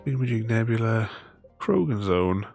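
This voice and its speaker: A man's voice: lowish voice, animated, moderate pace, gravelly, a little mellow. A man streaming a game, chatting casually with viewers in a rambling, chuckly way. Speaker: gaming streamer. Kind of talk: casual live-stream commentary. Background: faint game music.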